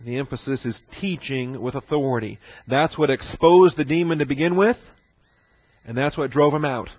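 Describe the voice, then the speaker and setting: A man's voice: medium pitch, moderate pace, no room sound, dull audio. Man teaching Bible, repeating for emphasis. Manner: repeats key phrases for emphasis; poses rhetorical questions.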